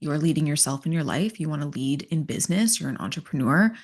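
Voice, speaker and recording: Woman podcast host, middle-aged, lower pitch, earnest coaching delivery, solo motivational talk. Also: expressive, fast talker.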